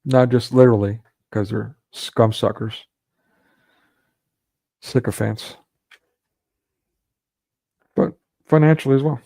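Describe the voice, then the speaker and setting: A man's voice: medium pitch, takes it slowly, creaky, pauses often, mellow, no echo. A man delivering a ranting monologue commentary, sarcastic and scornful, breaking into mocking laughs.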